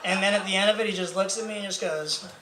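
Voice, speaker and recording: A man's voice: high-pitched, fairly even intonation, quick pace. A young man performing a stand-up comedy set, rambling and self-mocking with lots of fillers. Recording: echoey club room with faint noise.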